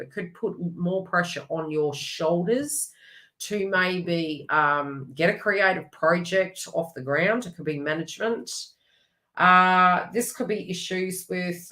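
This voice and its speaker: A woman giving a chatty, rambling astrology reading with animated asides. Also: fairly low pitch. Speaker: astrology reader. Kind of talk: casual astrology forecast.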